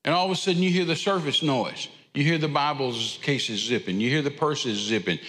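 A traveling preacher delivers an informal, rambling sermon in a church sanctuary, repeating phrases for emphasis. His voice is a little high with a fairly bright tone, and it trails off into a long reverb tail.

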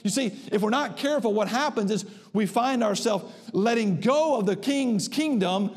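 A man preaching a sermon to a congregation, emphatic, slowing down and rising in pitch to drive home his points. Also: expressive. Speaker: pastor. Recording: long reverb of a church hall.

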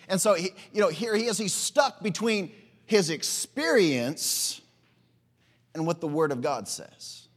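A man preaches with fervent, emphatic conviction, pressing his points and calling for amens. His voice sits somewhat high, and a long reverb trails behind it. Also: lively intonation, moderate pace. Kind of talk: sermon.

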